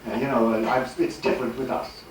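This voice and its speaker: A man's voice: mid-range voice, a little fast, slight background noise. Older guy giving a rhetorical talk, far from the mic, super echoey old tape. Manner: animated, rhetorical, chuckling asides. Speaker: speaker. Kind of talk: live religious lecture.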